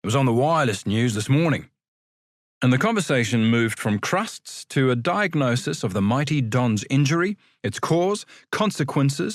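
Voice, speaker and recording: Lively male audiobook narrator. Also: medium pitch, no echo, studio quality. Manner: expressive, lively storytelling. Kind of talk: scripted storybook narration.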